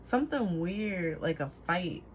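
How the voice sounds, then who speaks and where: A woman's voice: fairly low pitch, animated, unhurried, slight background noise. A woman giving a casual tarot reading to camera, rambling, trailing off and laughing at herself. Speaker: tarot reader.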